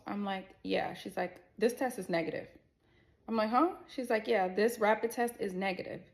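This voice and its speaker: A young adult woman telling a personal story in a casual, animated way, blunt and swearing, talking straight to her viewers. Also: medium pitch, gravelly. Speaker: storyteller vlogger.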